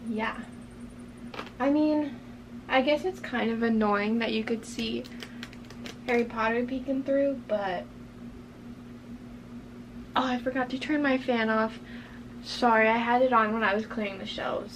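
A woman's voice: a little high, noisy background. A woman chatting casually and enthusiastically about her books as she sorts a shelf, easily sidetracked. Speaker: book vlogger. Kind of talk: casual chat. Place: bedroom with a running fan.

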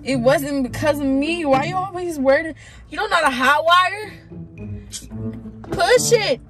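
High, pleading young woman. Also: moderate pace, a bit bright, faint music behind.

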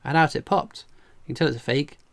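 A man's voice: a little high, a little fast, vocal fry. An English man hosting a casual livestream, chatting and joking while he reads out viewer comments. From England. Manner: chatty and jokey, laughs often. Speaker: coin collecting livestream host.

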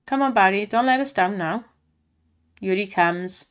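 An excitable woman commenting on slot spins and cheering the reels on, her voice strained from shouting. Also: medium pitch, unhurried, clear, resonant tone. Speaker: slot streamer.

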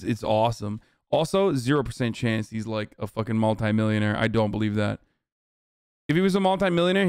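A man's voice: mid-range voice, clean tone, no room sound, studio quality. A man streaming casual reaction commentary, incredulous, mocking and profane.

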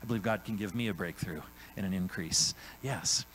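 A man preaching a sermon in a church, animated and conversational, often acting out God's voice and tagging lines with "right?". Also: deep voice, fairly quick, a little hiss or hum, low-quality recording. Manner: animated, acts out God's voice in quotes, frequent "right?" tags. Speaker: pastor. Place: church sanctuary.

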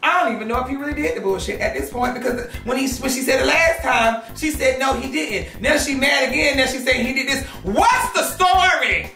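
A high-pitched man with a bright, cutting tone runs a messy gossip segment, sassy and heavy on the profanity. His commentary is animated and unfiltered. The sound is roomy and echoey, with faint background music playing. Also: fast talker, hardly any pauses. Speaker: gossip show host. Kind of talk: casual drama commentary.

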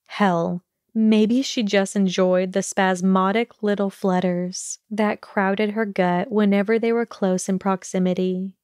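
A woman narrating a fan fiction audiobook with a slow, measured reading. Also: medium pitch, warm tone, no echo, clean studio sound.

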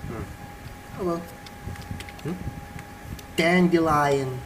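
A man's voice: fairly high pitch, sing-song, moderate pace, noisy background. A man giving casual, playful commentary while playing a game, musing to himself and reading game text aloud. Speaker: let's play host. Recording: voice over game music.

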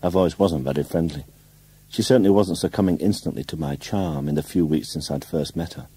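Low, husky male audiobook narrator. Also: mellow, no echo. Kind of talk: first-person literary novel narration.

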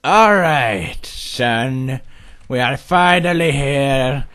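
A man playing a callous father who scolds and dismisses his son in a gruff way. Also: medium pitch, lively intonation, extremely slow, a bit bright. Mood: gruff, dismissive.

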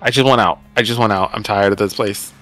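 A man's voice: on the low side, fast, fairly bright tone, soft background music, lightly acted. A man playing his character, a frantic young man trapped in a dream, stammering and desperate.

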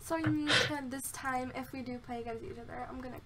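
Excitable high-voiced young woman gaming. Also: brisk. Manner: excitable, swings from mumbling to shouting. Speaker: gaming channel host. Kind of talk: casual gameplay chat. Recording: keyboard clicks and typing noise.

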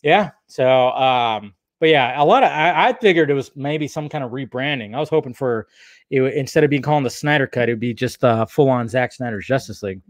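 Hosting a casual YouTube livestream, a man reads and answers live chat in a rambling, laid-back way. His voice is mid-range and fairly quick, with no echo.

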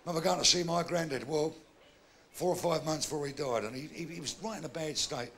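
An older man telling bawdy jokes in live stand-up, with gravelly punchy delivery and shouted punchlines. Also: a little high, fast talker. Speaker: stand-up comedian. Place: live comedy venue with audience.

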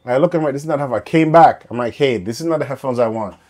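A man co-hosting a casual podcast chat, telling animated stories of retail customers. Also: mid-range voice, racing. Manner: animated storyteller who acts out retail customers. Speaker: podcast co-host.

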